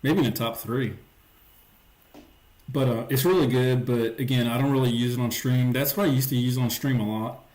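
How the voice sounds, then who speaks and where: Man, livestream host, casual rambling chat, mid pitch, echoey room. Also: steady tone, normal speed, a little mellow. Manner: rambling, lots of "like" and "um". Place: home stream setup. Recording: roomy echo.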